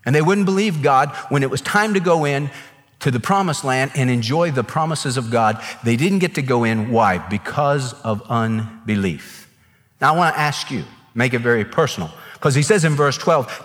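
A man's voice: mid-range voice, lively intonation, normal speed, fairly bright tone. A man preaching a sermon as a pastor, earnest and emphatic, acting out quotes in voices. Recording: long reverb of a large hall.

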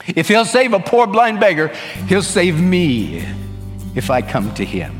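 Earnest male pastor, preaching with emphasis, somewhat high voice. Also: big pitch swings, measured pace, long reverb tail, faint music behind. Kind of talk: sermon.

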